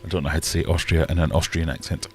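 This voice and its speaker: A man's voice: a bass voice, fairly even intonation, rapid-fire, husky. A man hosting a casual live-stream quiz, chatty and joking as he reads out the questions. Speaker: livestream quiz host.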